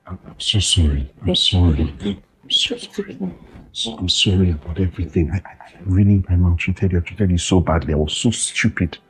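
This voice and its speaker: An actor with a Nigerian accent playing a husband who mistreated his wife, halting, defensive and stammering. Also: sits low, sing-song, slight background noise.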